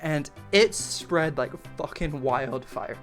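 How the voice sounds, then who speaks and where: A young adult man telling a camp story in a casual, profane, animated way, full of slang and "like". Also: fairly high pitch, takes it slowly, soft background music. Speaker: storytime YouTuber.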